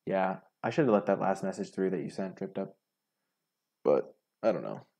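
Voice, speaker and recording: Gravelly low-voiced man commentating a game. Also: lively intonation, normal speed, a little mellow. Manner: chatty, self-critical, thinking aloud. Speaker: gaming streamer. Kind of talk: casual gameplay commentary.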